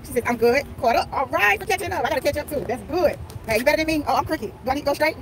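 Female vlogger, high voice, chatty and playful, phone audio outdoors with crowd noise behind her. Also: rapid-fire. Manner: talkative, playful, repeats herself, greets viewers by name. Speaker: vlogger streaming live. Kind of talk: chatty live-stream vlog, reading out chat comments. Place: outdoors at a busy tailgate. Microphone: phone held while walking.

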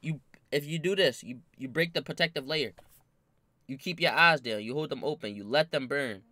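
Young man, casual storytime, animated, slangy, swearing, sharp bright voice, dry sound. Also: a little high, normal speed, dry recording. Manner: animated, slangy, swears a lot, bursts into loud laughing shouts.

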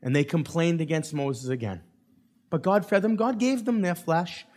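A man with a notably high voice, preaching to his congregation with lively energy. He slips into the voices of the people in his story and keeps asking okay and right. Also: normal speed. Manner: animated, acts out quoted voices of the crowd. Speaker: pastor. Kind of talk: sermon.

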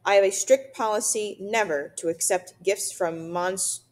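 A woman's voice: mid-range voice, a little slow, a little mellow, natural voice. A woman voicing a stubborn, grumpy male beaver father who talks stiffly and mutters in a storybook reading.

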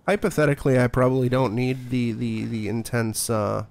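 A man's voice: mid-range voice, steady tone, moderate pace, creaky, a little mellow. A man streaming a horror game, chatting casually in a rambling, joking and profane way. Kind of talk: casual gaming commentary.

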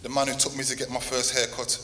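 A man reading a eulogy for the grandfather who raised him, with a steady, even delivery. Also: mid-range voice, fast. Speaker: grandson giving a tribute. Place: church. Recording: long hall reverb, faint noise.

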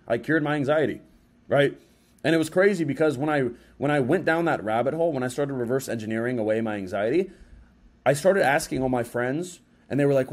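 A young man giving a casual motivational talk, slangy and conversational, acting out his own thoughts in quick quoted asides. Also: medium pitch. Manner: animated, acts out his own inner voice in quotes. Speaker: self-help speaker.

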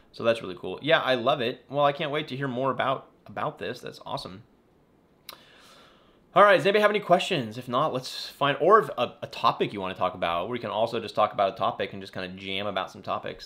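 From his home in the California desert, a man with a lowish, slightly bright voice runs a casual live Q&A for his aquarium YouTube channel. He chats and wanders off topic, regularly fixing his own statements and apologizing.

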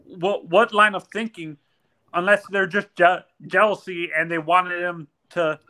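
Guy on a podcast panel, high bright voice, keeps going "like", insistent. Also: steady tone, measured pace. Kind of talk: casual podcast discussion.

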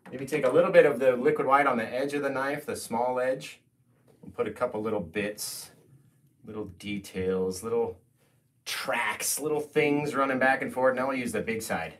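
A young man teaching a live painting tutorial, mostly soft and gentle, with sudden playful loud bursts. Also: mid-range voice, normal speed. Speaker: painting instructor.

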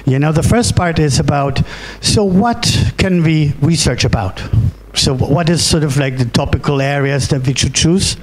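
A middle-aged man from Germany with a German accent gives a conference keynote, halting with fillers and restarts and often asking "right?". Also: fairly high pitch. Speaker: keynote speaker. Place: conference hall.

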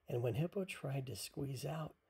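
A parent reading a picture book aloud at bedtime, softly and half-whispered. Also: medium pitch, animated, creaky, slightly rough. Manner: soft, half-whispered, unhurried.

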